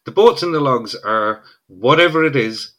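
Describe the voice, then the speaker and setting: A middle-aged man with an Irish accent talks as a podcast guest, his voice bright and forceful. He lays out his argument emphatically and keeps checking in with "right?". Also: medium pitch, lively intonation, moderate pace. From Ireland. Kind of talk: casual podcast conversation.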